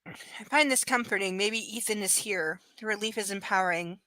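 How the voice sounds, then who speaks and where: A woman reading a frightened young woman's lines in a novel, gentle and cautious. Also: medium pitch, normal speed, no echo, close to an everyday voice. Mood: gentle, wary.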